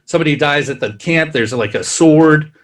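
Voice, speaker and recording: A man co-hosting a podcast, casually recapping a plot in a rambling way and acting out characters' lines in quick asides. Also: on the high side. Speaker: podcast co-host.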